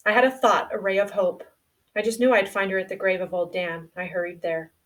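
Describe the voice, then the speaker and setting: A woman reading a novel aloud in a quiet, subdued storytelling manner. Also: mid-range voice, steady tone, brisk, recorded from a distance. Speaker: audiobook reader.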